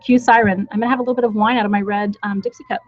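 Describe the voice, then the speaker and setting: A woman's voice: medium pitch, fairly even intonation, racing, dull audio. A woman leading a live ritual, talking in a candid, chatty and blunt way, with frank asides to her listeners. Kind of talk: casual live-stream talk. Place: indoors with a small group in the room.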